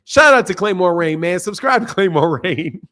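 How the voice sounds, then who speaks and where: Laughing between points, the boxing channel's male host unloads a loud, profane, heated rant in relaxed stream-style talk. His voice is high and animated, at a normal speed.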